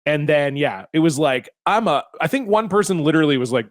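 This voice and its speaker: A man hosting a comedy podcast, telling stories in a lively, exasperated way and swearing freely. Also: fairly high pitch, a little fast, few pauses, no echo, studio quality. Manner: animated, exasperated storytelling with frequent swearing. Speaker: podcast host. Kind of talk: casual comedic podcast chat.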